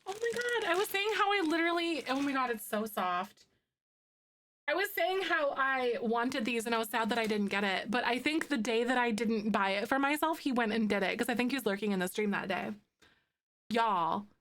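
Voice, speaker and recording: A woman streamer talking to her viewers in a slightly high voice. She is chatty and excitable, with lots of quick gushing asides. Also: slight background noise. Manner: excitable, chatty, self-described loudmouth. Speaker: live streamer. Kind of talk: casual live-stream chat.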